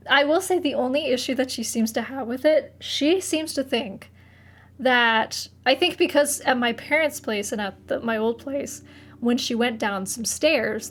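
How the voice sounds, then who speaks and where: A young woman streamer chatting casually to her live audience, rambling, swearing freely and laughing often. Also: a little high.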